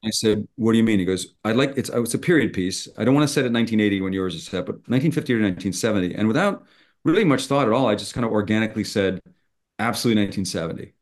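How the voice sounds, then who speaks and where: A man's voice: fairly low pitch, lively intonation, rapid-fire. A middle-aged man, a screenwriter, telling a story in conversation and acting out both sides of old phone calls. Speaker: screenwriter guest.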